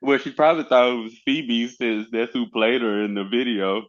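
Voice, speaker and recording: A man's voice: medium pitch, fairly even intonation, normal speed, dull audio. A man co-hosting a podcast in casual chat, laid-back and joking, chuckling along with the others. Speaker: podcast co-host. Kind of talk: casual chat about a TV episode.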